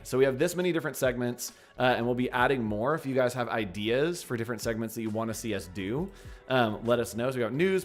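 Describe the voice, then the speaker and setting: A man co-hosting a live design stream, casually explaining each step as he works, with faint music behind. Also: mid-range voice. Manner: upbeat, explains steps while working. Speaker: co-host and designer.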